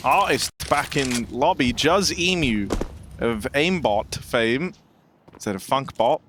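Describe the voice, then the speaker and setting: A man's voice: medium pitch, lively intonation, slow pace, background noise. A man casting a pro esports match live, joking and punning between calls. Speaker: esports caster. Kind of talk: live game commentary. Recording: clear game sounds behind.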